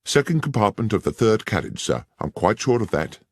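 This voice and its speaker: A plain country railwayman, as a male narrator puts him on, answers politely and matter-of-factly. His voice is deep and gravelly. It is a close, dry storybook reading. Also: very animated, a little fast, no echo, exaggerated voice. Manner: plain, deferential and matter-of-fact. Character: plain-spoken rural railway stationmaster.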